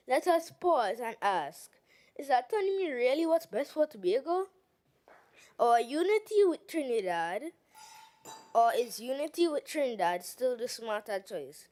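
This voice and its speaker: A woman's voice: on the high side, a little mellow. A young woman giving a persuasive formal debate speech as an assembly member in a legislative chamber, posing rhetorical questions.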